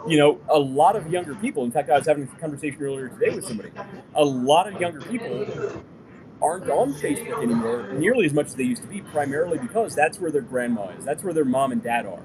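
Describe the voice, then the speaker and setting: A man's voice: on the high side, animated, fast, crowd noise. A man co-hosting a business podcast in casual chat, talking loosely with lots of fillers and restarts. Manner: chatty, full of fillers and restarts. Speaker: podcast co-host.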